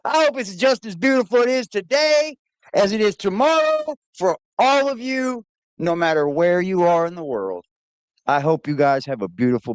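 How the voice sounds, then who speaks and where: A woman hosts a casual livestream with a lively, bouncing pitch that rides up and down over a lowish voice. She greets her chat by name in a playful, chatty way, and the sound is dry and close. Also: no room sound. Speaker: livestream host.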